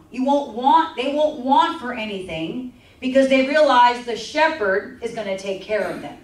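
Heard from far off in an echoey church hall, a woman pastor teaches a sermon at a normal pace. Her pitch is fairly high and her delivery animated as she repeats lines of scripture and calls for responses from the congregation.

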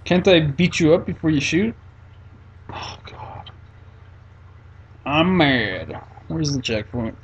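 Opgewonden jonge gamer, traag pratend. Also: male voice, fairly high pitch, unhurried, hardly any pauses, dull audio, slight background noise. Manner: excitable, swearing and mock-frustrated. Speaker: let's play gamer. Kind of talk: casual gameplay commentary.

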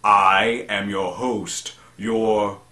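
A man voicing a sinister, mocking male ghost host in slow, low, hushed tones. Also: fairly even intonation, roomy sound, exaggerated voice. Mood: eerie.

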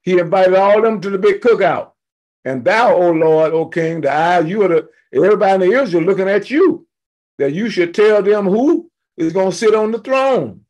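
A man teaching a church Bible study, retelling scripture in loose everyday speech with humorous asides and emphatic, slowed-down stresses. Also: sits high, a little mellow. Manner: fired up and emphatic, slowing to stress key words.

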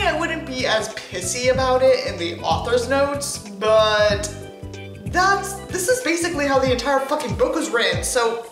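A woman's voice: high-pitched, animated, measured pace. A woman host giving exasperated, sarcastic, swear-filled commentary on a bad book. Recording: roomy echo with music behind. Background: background music.

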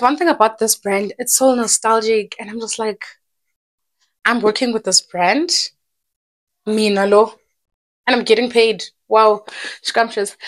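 A young woman with a South African accent, chatting excitedly in a casual vlog and switching languages mid-sentence. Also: on the high side. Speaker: vlogger.

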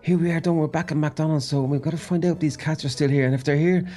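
Fast, eager man in a game role-play. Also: a little high, fairly even intonation, mellow, soft background music. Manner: eager, repeats himself in bursts.

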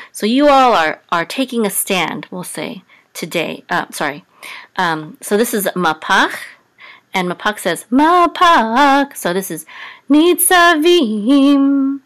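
A woman teaching a casual Hebrew reading lesson, sounding out letters slowly with many pauses and ums. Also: a bit bright. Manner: slow, deliberate, with many ums, sings the trope marks on a higher pitch.

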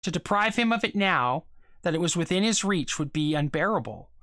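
Steady storybook reader, dry sound. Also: mid-range voice, fairly quick, dry recording. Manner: steady storytelling with small stumbles and repeated words. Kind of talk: reading a short story aloud.

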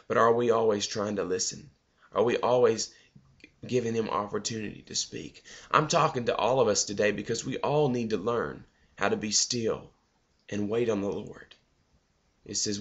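A man's voice: medium pitch, lo-fi sound. A male preacher giving a loose, conversational devotional sermon that often repeats words.

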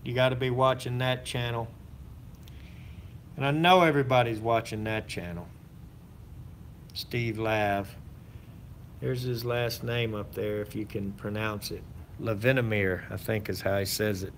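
A man's voice: fairly low pitch, unhurried, a little hiss or hum. Folksy man rambling on stream. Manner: rambling, folksy, many fillers and restarts. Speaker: channel host. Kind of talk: casual live-stream chat.

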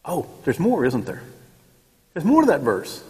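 A man's voice: on the high side, huge pitch swings, a little slow, darkish tone. A man teaching a church Sunday school class in a conversational way, with joking asides and acted-out quotes. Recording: long echoey church room.

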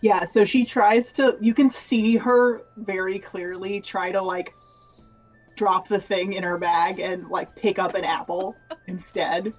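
Woman dm, mid-pitched, loose and chatty, faint music behind. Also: unhurried, poor audio. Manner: relaxed, chatty with fillers. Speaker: game master. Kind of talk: narrating a tabletop game. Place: home streaming setup.

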